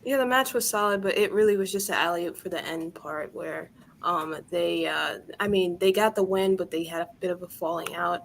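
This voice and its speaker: A woman co-hosting a wrestling review show in casual chat, telling stories in a lively way and laughing often. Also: on the low side, vocal fry, a little hiss or hum. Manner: lively, laughing, quick storyteller.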